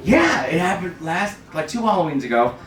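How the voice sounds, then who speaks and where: Young New comic, lively, roomy club. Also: male voice, high voice, normal speed, distant mic, soft background music. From New York City. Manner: self-deprecating, dark deadpan jokes with loud shouted punchlines. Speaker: stand-up comedian. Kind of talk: stand-up comedy set. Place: comedy club stage, live crowd. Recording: roomy live club audio with crowd laughter.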